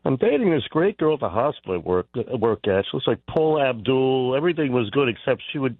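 A man calls in to a radio show and tells a long personal story in a chatty, lively way, laughing as he goes. He sounds thin and tinny, like he is heard over a phone line. His pitch is middling, and there is no room sound around him. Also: fast talker, no room sound. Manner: chatty storyteller, acts out voices in quotes, laughs often. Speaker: radio caller. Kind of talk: telling an anecdote on a call-in show.

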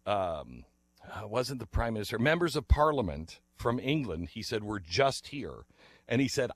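Middle-aged guy telling a story, super animated, acts out the quotes, dry close sound. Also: medium pitch, no echo. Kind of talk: casual anecdote.

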